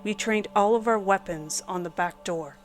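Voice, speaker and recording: Woman horror narrator, middle pitch, measured dramatic delivery, faint music bed. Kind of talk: scripted first-person narration. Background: soft background music.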